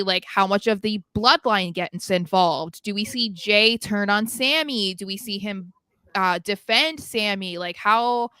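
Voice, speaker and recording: A young woman co-hosts a casual wrestling podcast, sharing her opinions in a chatty flow full of "um" and "like." Her voice is bright and clear, recorded dry and close to the mic. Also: mid-range voice, dry recording. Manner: chatty, opinionated, many fillers. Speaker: podcast co-host.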